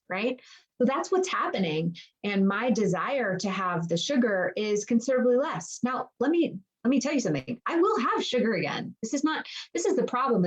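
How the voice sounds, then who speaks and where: Energetic woman coaching a group live. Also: mid-range voice. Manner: energetic, acts out inner dialogue with rhetorical questions. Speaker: mindset and nutrition coach. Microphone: computer mic on a video call.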